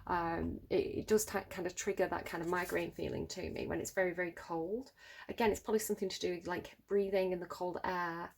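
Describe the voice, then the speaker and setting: A woman's voice: lowish voice, flat delivery, fairly quick, gravelly. A woman reading tarot cards to camera at home, musing and thinking aloud with many fillers. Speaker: tarot reader. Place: home room near a road.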